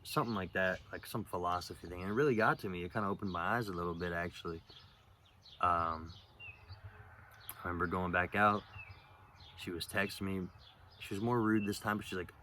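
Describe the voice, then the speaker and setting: A man's voice: sits low, fairly quick, pauses often, a little hiss or hum. A young man telling a personal story in a casual, rambling way, swearing often and filling gaps with ums and likes. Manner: rambling, profane, full of fillers; gets louder and more animated in later stretch. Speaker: vlogger.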